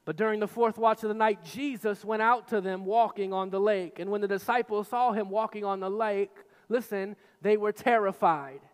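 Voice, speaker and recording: A male pastor delivering an emphatic sermon that repeats phrases and builds to shouts. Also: high voice, steady tone, moderate pace, hardly any pauses, clear, resonant tone. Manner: emphatic preaching with repetition, rising to shouts. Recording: long reverb of a large hall.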